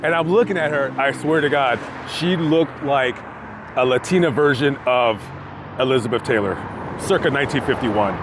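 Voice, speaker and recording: A man vlogging outdoors by a busy street, telling a story with lively acted-out quotes. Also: medium pitch, normal speed. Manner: animated storytelling, acting out quotes. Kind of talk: storytime vlog told on location. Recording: faint street noise outdoors. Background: passing traffic.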